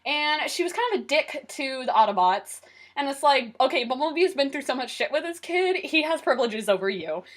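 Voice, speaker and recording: A young woman co-hosting a casual podcast, ranting excitedly and with lots of swearing. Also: high-pitched. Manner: excited, profane, rapid rants. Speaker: podcast co-host.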